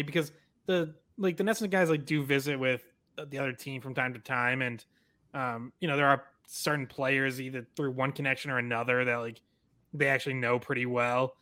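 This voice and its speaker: A man's voice: medium pitch, fairly even intonation, a little fast, bright, forceful tone. A man co-hosting a casual sports talk show, hesitant and full of fillers, often trailing off. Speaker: podcast co-host.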